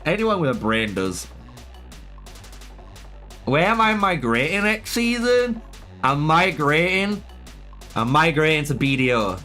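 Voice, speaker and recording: A man's voice: fairly high pitch, big pitch swings, unhurried, pauses often, sharp tone, faint music behind. Laughing, profane male gaming streamer. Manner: profane, laughing often, addressing viewers as bro. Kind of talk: casual live-stream chat with viewers.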